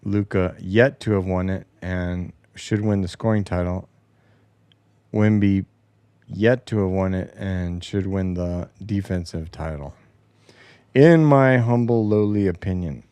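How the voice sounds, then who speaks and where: A man's voice: low-pitched, measured pace, warm tone, clear, resonant tone, dry recording. Rambling, opinionated man hosting a sports show. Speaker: host. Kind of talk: casual solo sports commentary. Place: home basement.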